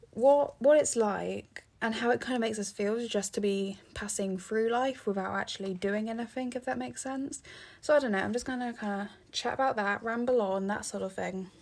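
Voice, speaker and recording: A teenage English girl hosts her own podcast, her slightly high, creaky voice carrying a darkish tone. She sounds tired as she rambles casually through a monologue, full of fillers and restarts.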